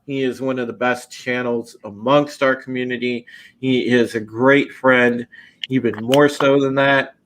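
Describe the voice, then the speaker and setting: A man's voice: medium pitch, steady tone, a little slow, fairly bright tone, a little hiss or hum. A man hosting a podcast and running a casual live-stream panel intro, loose and chatty with many fillers and restarts. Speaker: podcast host.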